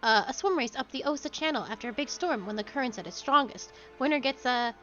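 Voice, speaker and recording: A woman's voice: sits high, expressive, fast talker, fairly bright tone, dull audio. A woman doing a chirpy furry little Orlan man. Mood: cheery. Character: cheerful small furry male Orlan bettor.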